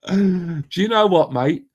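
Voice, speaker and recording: A middle-aged English man hosting a casual live chat, blunt and matey, swearing freely and calling viewers mate and bruv. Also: on the high side. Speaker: live stream host.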